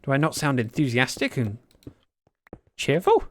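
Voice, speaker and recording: Gaming on a livestream, this British man talks casually and reads out viewer messages in a dry, self-deprecating way. His mid-range voice is gravelly and sing-song, moving a little slowly.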